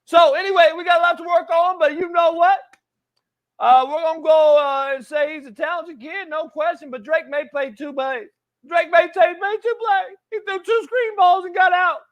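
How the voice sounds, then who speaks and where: A man voicing a loud, fired-up male football coach who lectures and calls everyone "son". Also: very high-pitched, normal speed, dull audio. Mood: mocking. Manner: shouting, preachy, repeats "son". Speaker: show host. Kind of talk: put-on voice in a podcast film breakdown.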